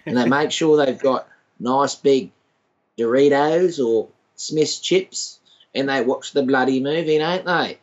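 A man with an Australian accent chatting on a podcast, animated and full of slang. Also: mid-range voice, slow, highs cut off. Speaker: podcast guest. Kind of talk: casual chat.

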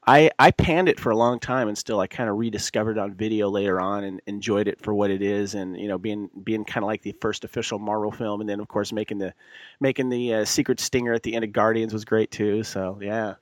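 A man's voice: lowish voice, fairly even intonation, brisk, dry recording. A man hosting a podcast from the United States, rambling and laughing easily as he chats. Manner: rambling, laughs easily, many fillers and restarts. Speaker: podcast host. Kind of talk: casual chat.

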